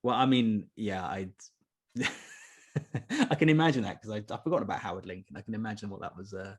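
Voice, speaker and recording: A man's voice: on the low side, fairly quick. A man hosting a casual interview, asking loose, hesitant questions with many fillers. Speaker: host.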